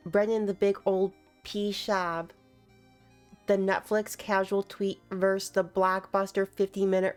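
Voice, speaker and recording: A young woman talking over clips in a loose, joking way, with a voice of ordinary pitch. She teases and mocks what she watches and laughs often. Faint music plays behind her. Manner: teasing, sarcastic, laughs often. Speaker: commentator reacting to clips. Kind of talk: casual reaction commentary.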